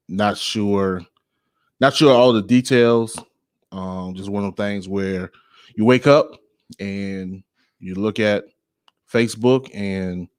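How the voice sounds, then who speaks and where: Man, podcast host, casual slangy monologue, lots of fillers, lowish voice, dry sound. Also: no echo. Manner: laid-back, rambling, slangy, with frequent filler phrases.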